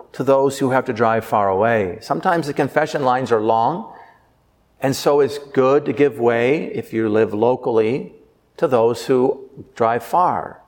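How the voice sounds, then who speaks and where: Earnest priest preaching in a reverberant church. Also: male voice, medium pitch. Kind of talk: sermon.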